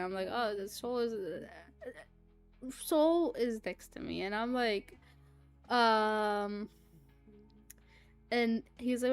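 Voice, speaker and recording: A young woman livestreaming, telling a rambling, animated story full of fillers, swearing and laughter. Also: mid-range voice, slow pace, long pauses, clear, resonant tone, faint music behind. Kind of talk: casual storytelling chat.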